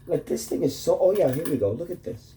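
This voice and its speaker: A man's voice: a little high, animated, a little fast, mellow, slight background noise. A man rambling in a casual video message to his wife, swearing often and restarting his sentences with "like". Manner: rambling, profane, full of "like" and restarts. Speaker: vlogger addressing his wife.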